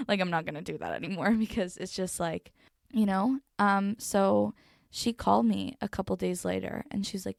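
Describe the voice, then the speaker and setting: Mellow young woman with a gravelly edge. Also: mid-range voice, normal speed, dry recording, clean studio sound. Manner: casual, rambling, heavy filler words; calm and mellow. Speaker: video host. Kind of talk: personal reflective talk.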